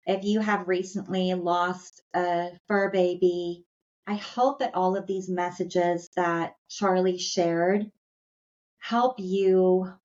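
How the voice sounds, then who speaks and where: Slow, soft-spoken woman podcast host. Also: lowish voice. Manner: soft-spoken, heartfelt, hesitant with fillers. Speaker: animal communicator and dog trainer, podcast host. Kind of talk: intuitive reading and podcast wrap-up. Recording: slightly dull lo-fi audio.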